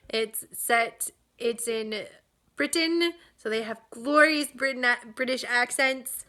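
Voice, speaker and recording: A young woman chatting casually as a vlogger about new motherhood, upbeat and relaxed with fillers and small laughs. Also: a little high. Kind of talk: casual chat. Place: home nursery.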